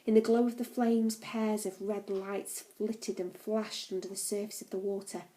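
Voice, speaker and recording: A woman reading a novel aloud in a calm, even storytelling manner. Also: mid-range voice, moderate pace, low-quality recording. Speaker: audiobook reader.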